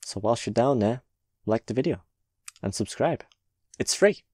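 A man's voice: medium pitch, lively intonation, measured pace, a little mellow, slightly rough, dry recording, clean studio sound. A man hosting a reaction video, commenting casually on clips, laughing often and swearing freely.

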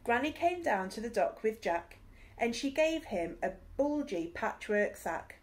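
A woman reads a rhyming picture book aloud, slow and unhurried. Her voice sits a little high and swoops up and down in a playful sing-song, and she drops in chatty asides like a teacher with her class. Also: very animated. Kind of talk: expressive storybook read-aloud.

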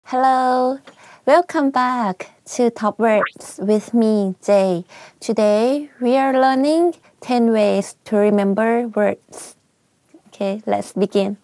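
A woman's voice: fairly high pitch, slow, darkish tone, no room sound. A young woman from Thailand with a Thai accent, hosting a casual language lesson in a chatty, giggly way and switching between Thai and English. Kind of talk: casual teaching vlog.

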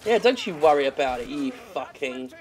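A man talks through his own gameplay in a profane, joking let's-play commentary. His voice sits a bit high for a man, and he breaks into excitable yells at the enemies on screen. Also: brisk. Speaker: games critic playing a game.

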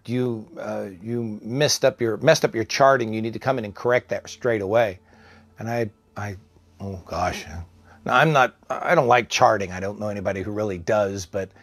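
A man who worked in psych care, telling a personal story in a conversational, halting way with fillers and restarts. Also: medium pitch, no echo. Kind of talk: personal anecdote told aloud.

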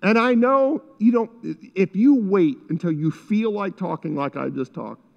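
A man's voice: a little high, vocal fry. A middle-aged male pastor preaching a sermon in a church, fervent and repetitive, breaking into spoken prayers. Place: church sanctuary. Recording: muffled sound with long hall reverb.

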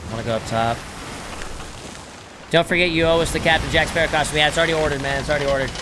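A man streaming a video game, chatting casually with viewers and crew, relaxed and joking with plenty of swearing. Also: a little high, very fast, background noise. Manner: laid-back, swearing, joking banter. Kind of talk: casual live-stream chat.

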